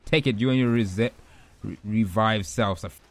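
A young man giving rambling, excitable commentary over his own gameplay, trash-talking opponents and himself. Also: on the low side, moderate pace, no room sound. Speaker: gaming YouTuber.

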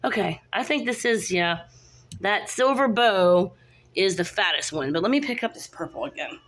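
A woman's voice: medium pitch, animated, normal speed, fairly bright tone. A woman, chatting casually as she shows her kittens one at a time and coos at them in baby talk, filmed on a handheld phone. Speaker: cat breeder showing kittens. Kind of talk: casual kitten showcase vlog.

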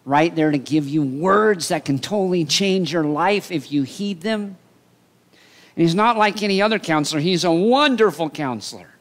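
A male pastor preaching a sermon in an animated storytelling way. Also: a little high. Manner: animated storytelling, acting out voices.

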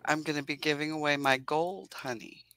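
A woman's voice: low voice, fairly even intonation, normal speed, a bit bright, no room sound, poor audio. A woman beekeeper talking earnestly and chattily on a video call, laughing often as she tells her story. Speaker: beekeeper guest. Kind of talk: casual video-call interview.

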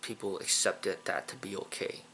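A man's voice: low-pitched, steady tone, moderate pace, sharp tone, slight background noise. A man hosting his own channel, talking in a casual, indignant opinion monologue with lots of fillers and repeated phrases. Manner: repetitive, indignant, many fillers. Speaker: kung fu channel host.

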